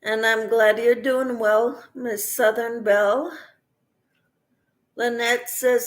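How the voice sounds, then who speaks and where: A woman hosts a relaxed livestream from her home kitchen, greeting viewers by name as she cooks. She talks slowly in a slightly high voice. The room gives her voice a noticeable echo. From Kansas. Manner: chatty, greets viewers by name while cooking. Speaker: crochet channel host. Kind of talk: casual livestream chat with viewers.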